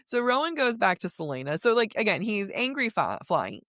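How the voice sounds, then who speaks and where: A woman co-hosting a book podcast in casual chat, animated and laughing often as she talks through passages. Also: medium pitch, unhurried, dry recording, clean studio sound. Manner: animated, laughs often, reads quotes aloud. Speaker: podcast co-host.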